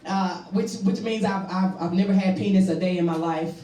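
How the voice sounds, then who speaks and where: A woman doing a bawdy stand-up comedy set on stage, with loud punchlines. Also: on the low side, fairly even intonation, moderate pace. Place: stage before a live audience. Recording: roomy, distant mic with crowd laughter. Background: audience laughing.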